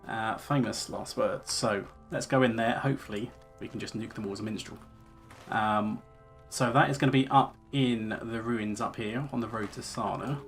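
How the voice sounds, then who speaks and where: With soft music playing behind him, a man in a fairly low voice gives casual let's-play commentary at a moderate pace. He streams the game in a relaxed, rambling manner, padding his speech with fillers and reading quest text aloud.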